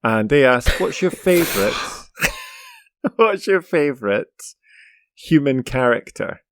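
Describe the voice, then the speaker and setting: A man's voice: medium pitch, big pitch swings, takes it slowly, no echo, clean studio sound. A man co-hosting a casual podcast, playful and joking, laughing often. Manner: playful, joking, laughs a lot, trails off quietly. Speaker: podcast co-host.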